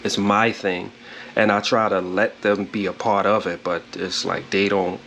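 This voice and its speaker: A man hosting a casual home vlog, talking in a relaxed, rambling way with laid-back slang. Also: on the low side, unhurried, gravelly, slight background noise. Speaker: vlog host. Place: home indoors.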